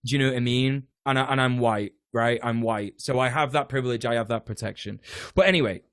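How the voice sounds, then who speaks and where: A British man talks in an easy, sprawling way, stumbling over restarts and throwing in the occasional swear word. His voice sits at an ordinary pitch, and the recording is dry with no room sound. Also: a little fast, a bit bright, smooth, dry recording. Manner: rambling, many fillers and restarts, swears. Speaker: podcast guest, tenants union organizer. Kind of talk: casual political chat.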